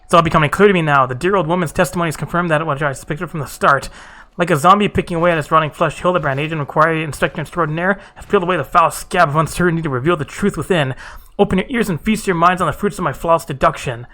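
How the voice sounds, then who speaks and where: A man voicing a pompous, bumbling gentleman detective with grandiloquent, theatrical speech. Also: a little high, very fast.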